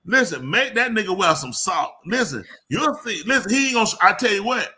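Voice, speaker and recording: A man spins a comic story in a rambling, slangy way. His voice sits high and bright, and it jumps all over the place as he talks to the room. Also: big pitch swings, a little fast. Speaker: comedy show host. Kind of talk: live comedic storytelling.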